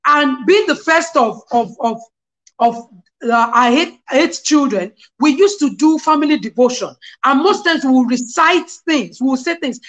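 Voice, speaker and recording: A middle-aged woman, a guest on a video call, telling lively personal stories and quoting scripture. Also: high-pitched, moderate pace, lo-fi sound. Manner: animated storyteller, quotes scripture. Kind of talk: casual interview, personal testimony.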